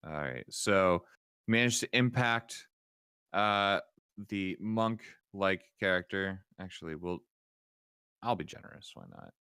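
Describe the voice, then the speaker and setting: A man's voice: low-pitched, takes it slowly, pushed and bright, clear, resonant tone, no echo, clean studio sound. A man narrating as dungeon master in a casual game, swearing freely and trailing off with fillers.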